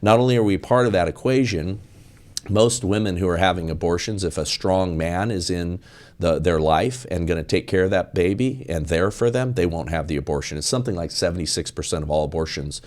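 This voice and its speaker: A man's voice: sits low, a little fast, darkish tone. A man talking as a podcast guest in an emphatic, preachy way, hammering his points with repetition. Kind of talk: podcast interview.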